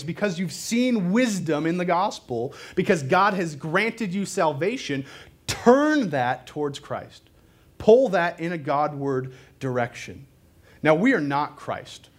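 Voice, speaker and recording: A man preaching a sermon to a live congregation in a loose, conversational way, with fillers and self-deprecating asides. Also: on the high side.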